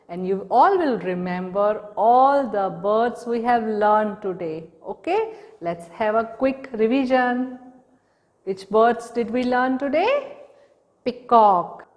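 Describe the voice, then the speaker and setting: Woman, preschool teacher, slow question-and-answer drilling, reverberant room. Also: on the high side, a little mellow. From India. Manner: slow, patient, asks questions and repeats answers. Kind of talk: recorded online lesson for young children.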